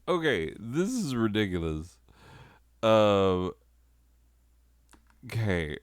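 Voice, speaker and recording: A man's voice: low voice, very animated, takes it slowly, long pauses, clear, resonant tone, no room sound. A man hosting a comedy commentary, sarcastic and self-mocking. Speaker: host.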